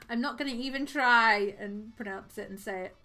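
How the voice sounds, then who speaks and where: A woman's voice: fairly high pitch, pushed and bright. A woman live-streaming as she crochets at home, chatting casually and giggling, and counting her stitches aloud.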